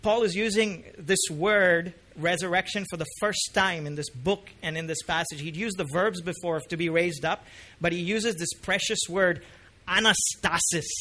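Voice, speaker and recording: Bright, high-voiced male preacher. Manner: conversational preaching that rises to impassioned emphasis. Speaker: pastor. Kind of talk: sermon.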